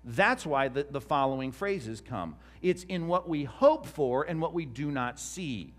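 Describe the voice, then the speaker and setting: A man's voice: on the high side, expressive, a little slow. A man, a pastor giving a conversational teaching sermon to a live congregation and asking them questions. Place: church before a live congregation.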